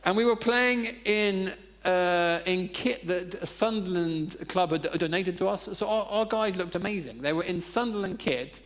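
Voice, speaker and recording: High-voiced man preaching. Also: normal speed, few pauses, a bit bright. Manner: conversational, humorous storytelling. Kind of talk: sermon with personal anecdotes.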